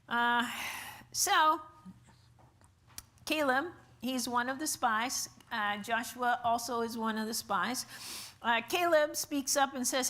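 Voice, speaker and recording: A woman's voice: on the high side, sharp tone. A woman teaching an informal Bible class, chatty with many fillers and rhetorical questions. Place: church classroom.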